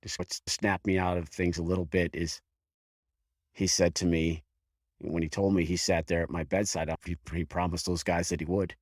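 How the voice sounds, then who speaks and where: Deep-voiced firefighter telling his story. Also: little pitch movement, no room sound, studio quality. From Buffalo area, US. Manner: halting and frank, restarts, mild swearing. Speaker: guest, career firefighter. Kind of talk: candid personal storytelling in an interview.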